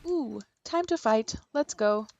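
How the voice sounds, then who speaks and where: A woman's voice: on the high side, expressive, slow, gravelly, a little mellow, highs cut off, slight background noise. A woman streamer giving casual, playful commentary while playing a video game, with wry asides.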